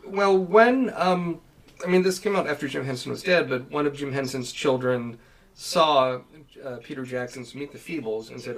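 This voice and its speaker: A man's voice: medium pitch, moderate pace, low-quality recording. A man co-hosting a casual chat, telling a long story with many fillers and restarts. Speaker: podcast co-host.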